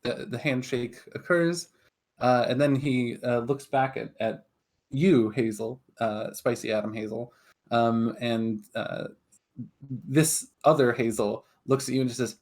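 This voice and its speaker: A man's voice: mid-range voice, fairly even intonation, unhurried, a little mellow. A man narrating a tabletop game as game master, hesitant with many fillers.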